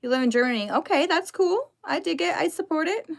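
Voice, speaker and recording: A woman's voice: sits high, animated, fairly quick, vocal fry. A young woman live streaming from home, chatting casually and greeting her viewers by name.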